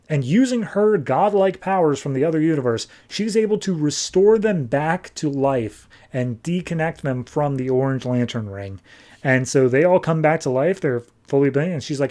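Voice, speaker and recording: On a podcast microphone, a man casually recaps a comic book in an animated way, acting out the characters' lines in passing. His voice is mid-range and he talks fairly quickly.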